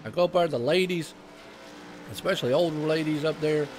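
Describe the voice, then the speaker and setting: A man's voice: fairly high pitch, brisk, background noise. A man with a Southern US accent, commentating a sim race broadcast in a chatty way and laughing often.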